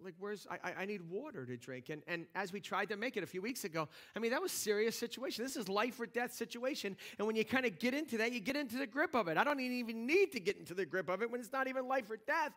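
A man's voice: very high-pitched, lively intonation, fast, hardly any pauses, a bit bright. A man preaching a sermon as pastor in a church, talking conversationally with lots of restarts and rising energy. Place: church sanctuary.

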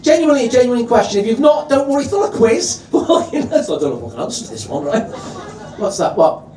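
High-voiced Scouse compere, echoey room. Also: male voice, big pitch swings, quick pace, warm tone. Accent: Liverpool. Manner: swearing, chatty, crowd-teasing. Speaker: stand-up compere. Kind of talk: stand-up comedy set. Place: live comedy venue. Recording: echoey venue from a distance.

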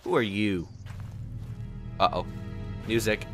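A man doing let's play commentary on a horror game, jokey and muttering, breaking into panicked yelling when scared. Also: on the low side, takes it slowly, music in the background.

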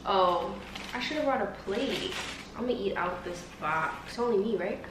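A woman's voice: medium pitch, animated, normal speed, far from the mic, noisy background. Chatty young woman vlogging at home. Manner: chatty, bubbly, talks straight to viewers. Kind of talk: casual vlog chat. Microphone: phone on tripod. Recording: roomy home audio from a bit off-mic.

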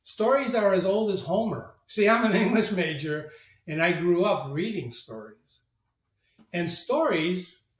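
A middle-aged man, a marketing agency president, telling business anecdotes as an interview guest and acting out the voices in them. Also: on the high side. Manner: animated, acts out quoted voices. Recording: echoey room, distant mic.

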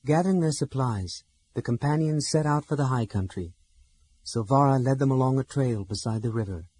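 Husky male audiobook narrator. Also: mid-range voice. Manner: measured, expressive storytelling. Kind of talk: scripted narration.

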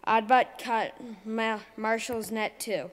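A woman reading her own story poem aloud at a reading event, slow and deliberate. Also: fairly high pitch, steady tone. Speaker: poetry reader. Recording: long hall reverb.

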